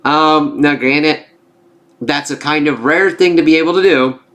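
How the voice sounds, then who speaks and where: A man's voice: on the high side, unhurried, a bit bright. A man casually recapping a TV episode, rambling and swearing, full of filler phrases. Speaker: TV reviewer.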